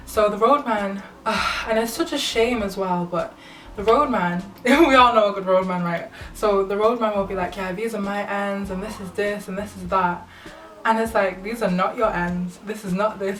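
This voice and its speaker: A woman's voice: mid-range voice, a bit bright. A young woman, talking to camera about spirituality in an earnest, rambling way. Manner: earnest, rambling, full of fillers. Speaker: spiritual vlogger. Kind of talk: casual spiritual talk to camera. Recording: echoey room, mic at a distance.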